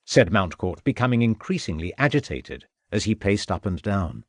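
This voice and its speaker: Casting: male audiobook narrator, low voice, steady storytelling, close dry recording. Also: normal speed, few pauses, no echo. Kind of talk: scripted narration.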